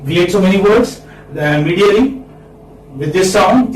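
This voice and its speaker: A man with an Indian accent teaching a phonetics class, repeating each word slowly and checking in with a questioning "hmm?". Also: sits high, animated, a little mellow. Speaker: English literature lecturer. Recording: echoey room, distant mic, faint hiss.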